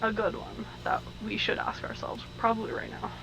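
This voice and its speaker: A woman's voice: mid-range voice, huge pitch swings, normal speed, gravelly, music in the background, low-quality recording. A woman playing a tabletop game, explaining her choices in a thoughtful, casual way. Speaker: player.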